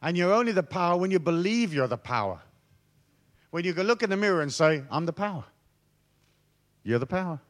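A theatrical man gives a motivational talk full of swearing and swagger. His voice sits a bit higher than most men's and swings widely in pitch. He often sinks into a hushed, low murmur for effect. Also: sing-song, quick pace. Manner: swaggering, profane, theatrical storyteller; drops to hushed, low tones for emphasis. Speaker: motivational speaker. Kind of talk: storytelling talk to an audience.

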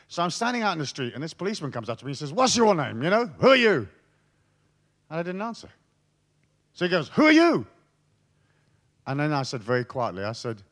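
A man giving a swaggering, profane motivational talk, telling stories to an audience and dropping to hushed tones for emphasis. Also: mid-range voice. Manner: swaggering, profane, theatrical storyteller. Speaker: motivational speaker.

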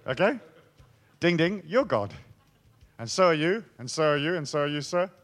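Lively, irreverent man. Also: a little high, normal speed. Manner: profane, joking storyteller. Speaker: spiritual speaker. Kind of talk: irreverent talk to a live audience.

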